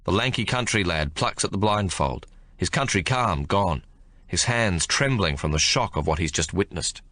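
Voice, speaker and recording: A man reading an audiobook as narrator, expressive in his storytelling. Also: normal speed, dry recording. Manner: expressive storytelling with lively pitch. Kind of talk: scripted narration.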